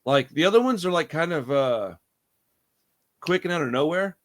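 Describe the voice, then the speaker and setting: A man talking casually about a movie. He is animated, swears freely and laughs often. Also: fairly high pitch, normal speed. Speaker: podcast co-host.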